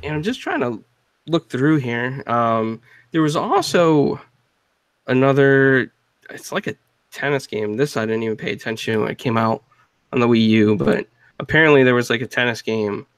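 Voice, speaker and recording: A man hosting a casual gaming podcast, talking in a halting way with restarts and fillers. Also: medium pitch, lively intonation, clear, resonant tone, no room sound, low-quality recording. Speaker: podcast host. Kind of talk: casual chat.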